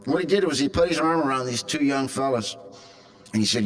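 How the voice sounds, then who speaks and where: A man's voice: mid-range voice, animated, fairly quick. A man in his fifties from California, speaking to a convention crowd and telling a raw, darkly funny personal story. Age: 50s. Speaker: recovery meeting speaker.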